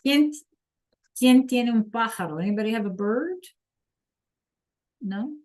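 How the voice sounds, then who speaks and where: A woman teaching a live online language class, slowly sounding out words for students to repeat and encouraging them by name. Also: on the high side, expressive, a little mellow. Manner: slow careful enunciation of words for students to repeat. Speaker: Spanish teacher.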